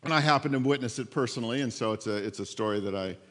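A man preaching a sermon as pastor. He retells the story conversationally, with lively asides to the congregation. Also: mid-range voice, rapid-fire. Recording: long hall reverb.

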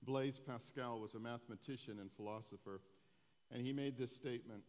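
In a church sanctuary, a male pastor preaches to the room and to a live stream, lifting his voice whenever he quotes scripture. His medium-pitched voice is brisk and a touch mellow, and the hall's echo leaves a long reverb.

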